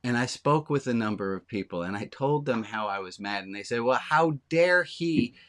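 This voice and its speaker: Speaking briskly in a fairly low voice, a man in the role of a rabbi addresses his small congregation directly. His sermon is candid, plain, and conversational.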